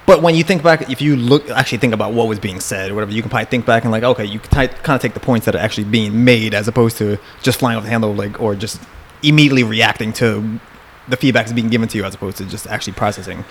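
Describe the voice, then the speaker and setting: Fast-talking low-voiced man. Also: a little hiss or hum. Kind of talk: casual conversation.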